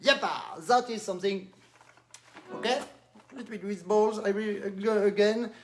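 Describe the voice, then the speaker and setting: A man with a French accent giving an animated live-stream accordion lesson, demonstrating as he talks and slipping into French. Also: high voice, normal speed, faint music behind. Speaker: accordion teacher.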